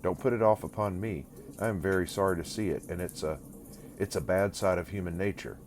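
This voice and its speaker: A young man puffed up by new fortune speaks in a lofty, condescending tone, voiced by an audiobook reader. The voice is very deep, and it is told as an audiobook. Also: brisk, slight background noise, lightly acted. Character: proud young man newly come into fortune.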